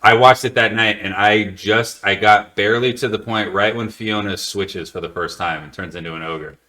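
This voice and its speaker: Deep-voiced man, profane rambling talk. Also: steady tone, moderate pace, bright, forceful tone. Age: 30s. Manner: profane, rambling storyteller who drops his voice low. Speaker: podcast host. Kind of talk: casual chat. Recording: small echoey studio.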